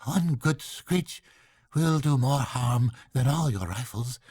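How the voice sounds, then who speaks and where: A man's voice: medium pitch, lively intonation, a little mellow, husky. An older man voicing an eager, cheerful young wanderer who gushes and swings between moods. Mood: gabbling excited. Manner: gushing, rapid mood swings. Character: cheerful excitable young man in patched clothes.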